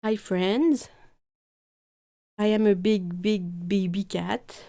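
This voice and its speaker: A mischievous female house cat speaks in the first person, as a woman puts her on, slow and babyish like an overgrown kitten. The voice sits at an ordinary middle pitch, close to her own. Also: fairly even intonation, dark tone.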